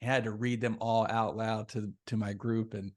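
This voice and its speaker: A man hosting a podcast, chatting casually and sharing his own recovery story in a relaxed way. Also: lowish voice, moderate pace. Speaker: podcast host. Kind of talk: casual interview chat.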